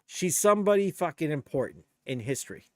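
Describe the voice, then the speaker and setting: A man's voice: fairly high pitch, very animated, brisk. A man, a DJ chatting on his live stream in a blunt, rambling, profane way. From Canada. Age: 50s. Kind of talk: casual live-stream chat.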